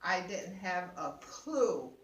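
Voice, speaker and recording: A woman's voice: fairly low pitch, lively intonation, takes it slowly, background noise. Older woman telling a story, roomy sound. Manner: laughing, exclaiming, acts out voices. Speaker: guest sharing a personal story. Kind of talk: animated storytelling. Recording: roomy sound, mic at a distance.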